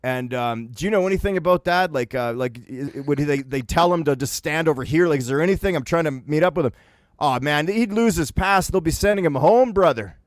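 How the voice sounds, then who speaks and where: A man from Winnipeg telling a rambling story on a podcast, casual and animated, laughing as he acts out what his friends said. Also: fairly high pitch, brisk, no room sound, clean studio sound. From Winnipeg, Canada.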